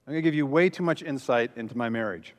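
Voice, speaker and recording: Pastor telling stories in a hall. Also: male voice, mid-range voice, fast. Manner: storytelling with self-deprecating humor and frequent fillers. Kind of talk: humorous teaching talk.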